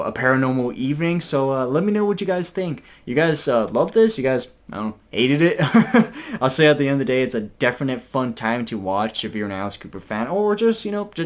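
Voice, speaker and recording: A young adult man chatting casually in a video review, rambling with lots of fillers. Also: medium pitch. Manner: rambling, filler-heavy chat. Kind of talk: casual concert review vlog.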